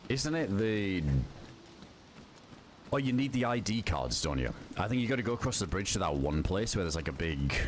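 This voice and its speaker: Deep-voiced laid-back male game streamer. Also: a little hiss or hum. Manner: rambling, laid-back, swears often. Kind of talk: casual gameplay commentary.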